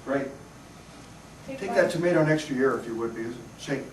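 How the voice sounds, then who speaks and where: Joking stage magician in an echoey hall. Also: male voice, mid-range voice, animated, fairly quick. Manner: joking, teasing, self-deprecating. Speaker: comedy magician performing with a volunteer. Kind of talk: live stage magic patter with audience banter. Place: large hall with live audience. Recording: echoey hall recorded from far off, loud noise.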